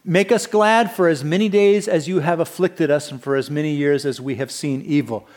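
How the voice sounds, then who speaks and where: A male senior pastor delivering a sermon, retelling a story in a relaxed, conversational way with fillers and restarts, dropping low and quiet at grave moments. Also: moderate pace.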